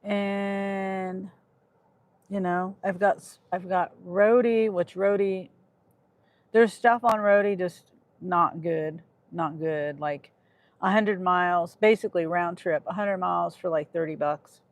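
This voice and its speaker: Woman streamer, slow unhurried talk, chatting with viewers, a bit irritable. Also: lowish voice. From Kansas. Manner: talks to chat, irritated, trailing off. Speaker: livestreaming gig delivery driver. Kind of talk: casual livestream chat.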